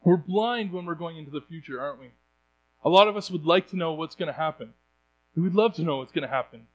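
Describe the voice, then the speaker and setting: Earnest high-voiced young male preacher. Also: fast talker, muffled recording, slight background noise. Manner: earnest, stumbling restarts. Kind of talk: sermon.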